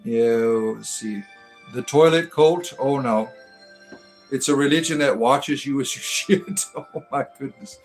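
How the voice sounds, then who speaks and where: A man's voice: mid-range voice, a little slow, soft background music. A man hosting a casual livestream as a satirical spiritual entertainer, reading chat comments aloud with joking asides and filler ums. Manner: rambling, joking, reads viewer names aloud with filler ums.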